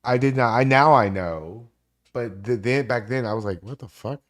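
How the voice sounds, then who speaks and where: A man's voice: mid-range voice, normal speed. A man in his forties hosting a live stream, rambling and swearing through casual stories. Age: 40s. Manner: rambling, profane, animated storytelling.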